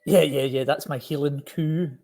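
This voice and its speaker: A man's voice: a little high, steady tone, normal speed, warm tone. A man with a Glaswegian Scottish accent, a podcast guest in casual chat, jokey and laughing, tripping over and repeating his words. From Scotland. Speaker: podcast guest, safety coach.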